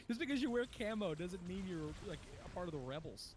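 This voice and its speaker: A man's voice: high-pitched, lively intonation, a little slow, slight background noise. A man from northeastern Pennsylvania with a local accent, rambling and swearing in a casual chat as podcast co-host. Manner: rambling, swears, laughs easily. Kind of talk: casual chat while gaming.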